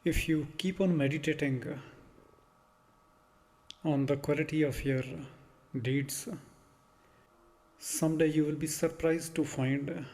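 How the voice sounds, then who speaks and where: A man giving a measured, reflective spiritual talk in short phrases, as a spiritual teacher. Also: on the high side, fairly even intonation, a little mellow, in a large hall. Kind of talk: slow meditative spiritual talk.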